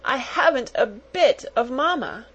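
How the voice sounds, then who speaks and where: A woman's voice: animated, unhurried, fairly bright tone, breathy edge, dull audio, full character voice. A woman reading aloud, voicing a small spoiled girl who sobs and whimpers in a childish voice. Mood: wailing. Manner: high, sobbing, childish whimper.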